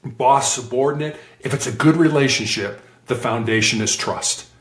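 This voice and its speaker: A man's voice: mid-range voice, moderate pace, reverberant. A man, a former hostage negotiator, telling stories in an interview and acting out the voices he quotes. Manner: animated, acts out quoted voices. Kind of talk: conversational interview storytelling.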